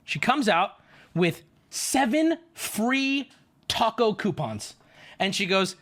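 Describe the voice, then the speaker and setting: A man's voice: sits high, big pitch swings, slow pace, a bit bright. A man streaming, telling a story to his chat in an indignant, profane rant. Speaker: livestreamer.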